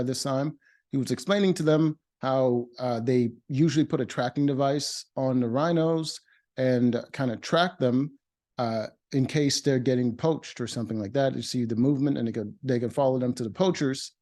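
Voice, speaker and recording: Man, mellow tone, casual show recap, blunt opinions, lots of uhs and restarts. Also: medium pitch, steady tone, moderate pace. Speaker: reality show reviewer.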